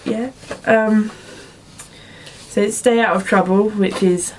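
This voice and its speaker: A woman's voice: mid-range voice, fairly even intonation, slow pace, a little mellow, a little hiss or hum. A young woman chatting casually on her vlog, rambling and giggly, often laughing at herself. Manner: rambling and giggly, self-deprecating, with many fillers. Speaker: vlogger answering viewer questions. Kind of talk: casual chat.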